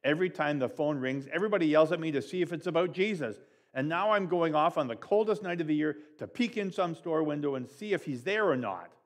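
A man voicing a gruff, weary father who mutters and grumbles, in a read-aloud story. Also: a little high, expressive, fairly quick, voice pushed up, lightly acted. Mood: grumbling.

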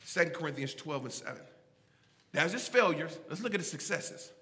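A man preaching a sermon in a church, animated and folksy, calling out to the congregation and swinging between shouts and low asides. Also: moderate pace, in a large hall. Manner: casual, folksy phrasing. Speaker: pastor. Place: church sanctuary.

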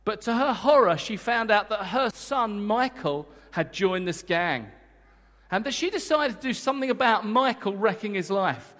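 Man giving a sermon in a church, emphatic and playful, fairly high pitch, echoey hall sound. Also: normal speed. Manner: energetic, emphatic, joking with the congregation. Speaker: guest preacher. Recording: long church hall reverb.

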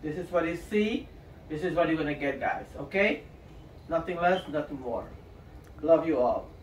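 A man with a high voice for a man talks to his viewers in a relaxed, chatty way while he cooks. He sounds set back from the mic in a roomy home kitchen, with faint frying sizzle behind him. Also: normal speed, recorded from a distance, slight background noise. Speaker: cooking vlogger. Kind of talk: casual cooking demonstration.

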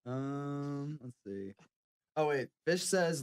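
A man with a faint Southern accent chatting on live radio, excitable, laughing and swearing as he gives things away. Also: fairly high pitch, extremely slow, long pauses. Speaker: band member guest. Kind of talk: casual live radio chat.

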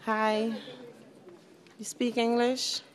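A woman's voice: fairly high pitch, little pitch movement, extremely slow. A young woman, a student reporter, vlogging casually and self-mockingly on her phone while walking through a church. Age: young adult. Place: busy church interior. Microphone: phone held while walking. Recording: phone audio in a crowd. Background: crowd of visitors.

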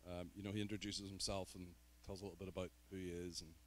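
Man, Northern Irish accent, guest preacher, low-ish voice, joking asides, church. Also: little pitch movement, quick pace, fairly bright tone, slight background noise. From Northern Ireland. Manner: joking, self-deprecating asides. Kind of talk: sermon. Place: church sanctuary.

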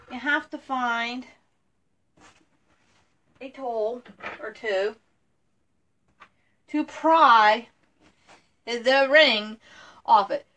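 Talking her way through painting a piece of furniture, this woman vlogger is chatty, full of ums, and stops to talk to her dog. Her voice is a little high and a bit bright.

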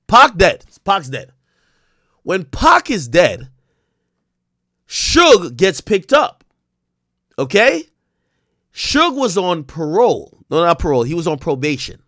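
A man with a fairly high voice and lively swings in pitch breaks down on-screen footage in casual commentary. He leans on heavy slang and profanity and keeps his delivery emphatic. The sound is close and dry, with no room echo. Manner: walks through on-screen footage, talking to viewers.

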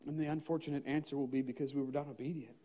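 A middle-aged man from the United States, a pastor telling a personal story in a spontaneous sermon, conversational and animated, laughing often and acting out his own thoughts. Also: medium pitch, rapid-fire, lo-fi sound.

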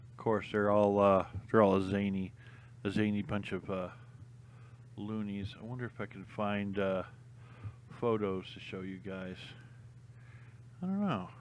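A young man chatting casually to camera, rambling with lots of ums and uhs and frequent laughs. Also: lowish voice. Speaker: vlogger.

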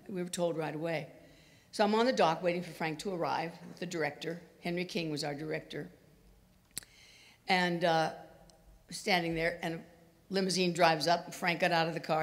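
A woman in her eighties giving a chatty talk full of anecdotes, acting out the quoted lines of people in her stories. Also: deep voice. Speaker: guest speaker. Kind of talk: storytelling talk. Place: university lecture hall. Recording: reverberant hall.

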